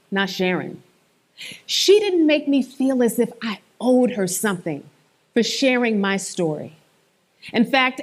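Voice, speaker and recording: A woman giving a motivational conference presentation on stage, with emphatic, animated inflection. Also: a little high. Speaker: conference speaker.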